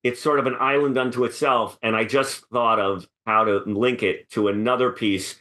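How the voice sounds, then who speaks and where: Animated male comedian riffing. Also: medium pitch, normal speed. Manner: animated, restarts and riffs on bits. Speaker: comedian and podcast co-host. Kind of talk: casual comedy chat.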